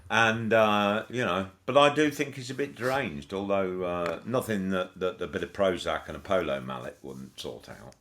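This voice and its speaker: A man's voice: sits low, normal speed, hardly any pauses, fairly bright tone, slight background noise. A man co-hosting a podcast in casual chat, talking in a rambling, hesitant way with wry jokes. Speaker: podcast co-host.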